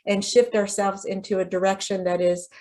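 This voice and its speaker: A woman's voice: mid-range voice, little pitch movement, moderate pace, warm tone. A woman hosting a casual podcast conversation and offering short affirming replies.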